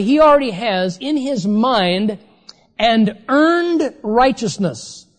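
Emphatic preacher in a reverberant hall. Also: medium pitch. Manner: emphatic, slows down to stress key phrases. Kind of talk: sermon.

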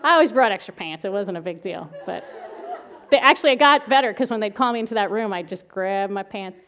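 A middle-aged woman giving a talk on calming angry children, telling lively stories from her own family and work, often laughing and acting out the children's voices. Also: medium pitch, quick pace, lo-fi sound, a faint crowd. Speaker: child behavior specialist giving a parenting talk. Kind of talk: presentation with slides.

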